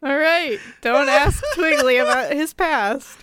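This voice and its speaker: A woman's voice: high-pitched, slow, noisy background. A woman playing a tabletop game in casual, playful talk. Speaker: player.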